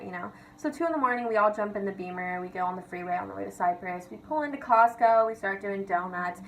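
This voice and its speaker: Muffled recording, slight background noise: a young woman vlogger with a mid-range voice talks quickly with hardly any pauses. She rants casually about her school years, giggling, swearing freely, and filling every line with "like".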